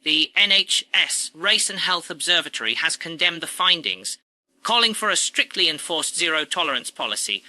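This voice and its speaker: Very bright, high-voiced man ranting. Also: expressive, normal speed, dry recording, low-quality recording. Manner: sarcastic, indignant ranting. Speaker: commentary channel host. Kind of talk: scripted satirical commentary.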